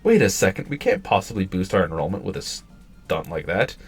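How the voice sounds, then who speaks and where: A man reading aloud in close to his own low voice as a strict, serious schoolgirl treasurer who runs a meeting. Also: wildly swooping pitch, fairly quick, gravelly, slightly rough, soft background music, full character voice. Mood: stern. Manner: firm, exasperated, businesslike.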